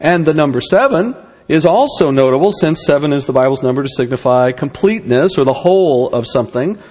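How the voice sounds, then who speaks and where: A man's voice: on the high side, lively intonation, fairly quick, darkish tone, big-room sound. A man giving a conversational Bible lesson, with rhetorical questions and wry asides. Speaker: Bible teacher.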